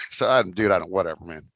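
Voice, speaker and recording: A man's voice: sits low, a little fast, a bit bright, no room sound, lo-fi sound. A young man co-hosting a podcast remotely, chatting casually and rambling with lots of fillers and restarts. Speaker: podcast co-host. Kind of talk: casual chat. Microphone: remote call.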